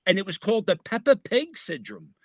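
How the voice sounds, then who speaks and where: A talkative American man with a Philadelphia accent, chatting as a podcast guest. His voice sits fairly high and swings widely in pitch as he tells stories. The sound is dry and close to the mic. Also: fairly quick, no room sound. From United States. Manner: animated storyteller, laughs often. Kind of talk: casual chat.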